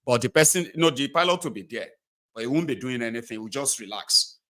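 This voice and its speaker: A man's voice: medium pitch, animated, fast, bright, forceful tone, no room sound, clean studio sound. A Nigerian man giving mocking political commentary, switching between a plain talking voice and mocking voices for quotes. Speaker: commentary host.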